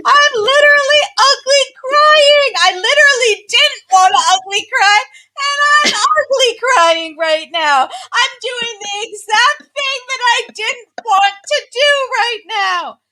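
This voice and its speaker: A woman's voice: extremely high pitch, takes it slowly, bright, forceful tone, raised voice, voice pushed up, heavily acted. A woman acting out a panicking young bride who is ugly crying, wailing and repeating herself. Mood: sobbing panic.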